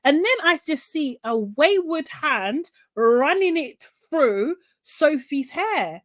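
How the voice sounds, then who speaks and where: A woman co-hosting a podcast, recapping a TV show in animated casual chat, quoting people and swearing. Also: high-pitched, takes it slowly, no room sound. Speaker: podcast co-host.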